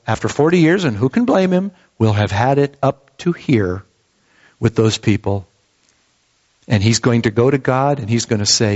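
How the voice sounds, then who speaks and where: A man preaching a sermon, telling the story with earnest emphasis and some restarts. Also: medium pitch. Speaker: pastor. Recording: dull lo-fi sound.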